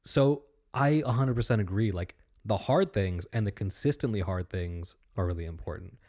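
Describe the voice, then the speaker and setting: Upbeat low-voiced male podcast guest. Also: normal speed, darkish tone. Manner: enthusiastic, talkative, complimentary. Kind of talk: casual podcast conversation.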